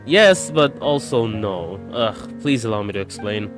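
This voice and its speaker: A man's voice: on the low side, lively intonation, unhurried, music in the background. A man reading the lines of a polite, apologetic woman who runs a resort, in his own voice. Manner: apologetic, formal, reading game lines aloud. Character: polite anxious female resort supervisor.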